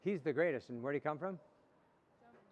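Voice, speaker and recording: A man's voice: on the high side, fast talker, darkish tone. A man coaching young baseball players in a motivational talk, asking questions and repeating the answers back. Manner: call-and-response, asks questions and repeats answers. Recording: dull lo-fi recording.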